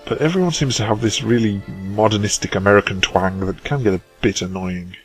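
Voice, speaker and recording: A man's voice: on the low side, brisk, faint music behind, rough recording. A man hosting a film review, talking with dry, wry asides. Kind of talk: comedic review talk.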